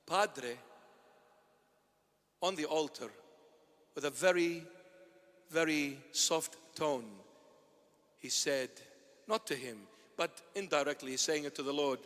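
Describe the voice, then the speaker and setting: A man, a bishop, preaching an impassioned sermon that swings between loud and hushed. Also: on the high side, measured pace, long pauses. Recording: long hall reverb.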